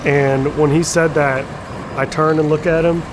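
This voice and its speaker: A young man talks through a personal account in a flat, even voice that stays level. He stumbles, repeats words and swears as he goes, while a clear engine hum runs under him. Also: on the high side. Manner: halting, repeats words, frequent fillers and swearing. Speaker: storyteller sharing a personal account. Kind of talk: candid personal storytelling. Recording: clear background engine noise.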